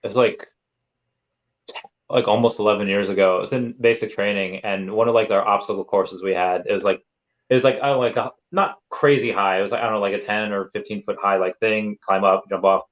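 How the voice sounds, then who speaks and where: Man, thirties, podcast host, low voice, rambling and filler-heavy, muffled lo-fi sound. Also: fairly even intonation, a little fast. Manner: rambling storyteller, many fillers. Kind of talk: casual chat.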